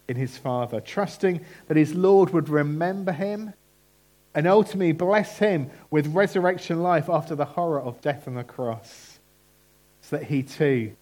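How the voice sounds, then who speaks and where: A man preaching a sermon in a church, earnest and emphatic, slowing down on key phrases. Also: on the high side, darkish tone.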